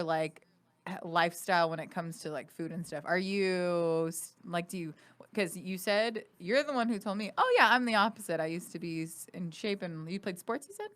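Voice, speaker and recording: A woman's voice: medium pitch, fairly bright tone, smooth. A young woman hosting a casual podcast chat, talkative, laughing often and swearing freely. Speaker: podcast host.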